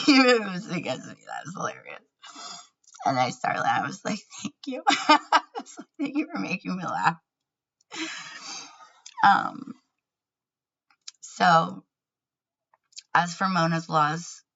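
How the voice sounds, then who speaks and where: A woman's voice: low-pitched, gravelly, a bit bright, highs cut off. A woman talking candidly in a personal vlog, earnest and laughing often between words. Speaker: vlogger.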